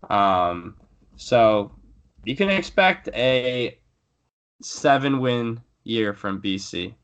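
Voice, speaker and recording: A man's voice: mid-range voice, lively intonation, very slow, a bit bright, clear, resonant tone, muffled recording. A young man co-hosting a casual sports podcast, rambling with fillers and restarts as he previews his team. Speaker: podcast co-host.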